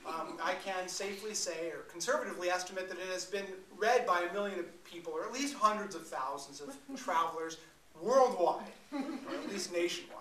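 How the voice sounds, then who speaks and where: A male poet performs live, explaining verse with playful energy and quick jokes aimed at the audience. His voice sits high and rings very bright. The recording catches him in an echoey room from a distance. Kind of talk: live poetry performance talk. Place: live venue before an audience. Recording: echoey room, mic far off.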